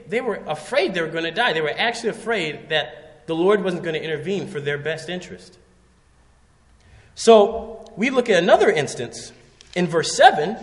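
Male preacher, sermon delivery, lively storytelling, fairly high voice, swinging pitch, long hall reverb.

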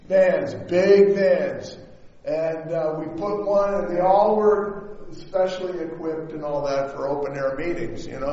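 A man's voice: high voice, darkish tone. A man preaching a storytelling sermon, chatty and often checking in with his listeners. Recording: echoey hall, dull lo-fi sound.

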